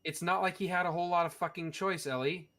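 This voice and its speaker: A man's voice: high-pitched, steady tone, fast, a bit bright. A male podcast co-host in casual chat, heavy on swearing and strong opinions. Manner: profane, opinionated ranting.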